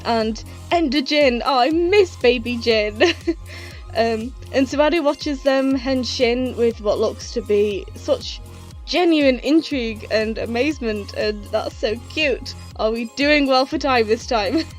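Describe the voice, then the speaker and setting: A woman's voice: fairly high pitch, measured pace, faint music behind. Breathless, chatty woman reviewer. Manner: chatty and enthusiastic, laughs often. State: slightly out of breath. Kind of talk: casual retrospective review.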